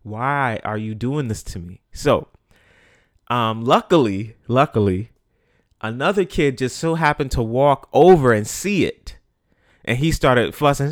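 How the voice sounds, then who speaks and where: A man's voice: medium pitch, animated, measured pace, no echo, studio quality. A young adult man hosting a podcast, telling a story in a loose, slangy way and repeating phrases for emphasis. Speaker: podcast host. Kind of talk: casual storytelling.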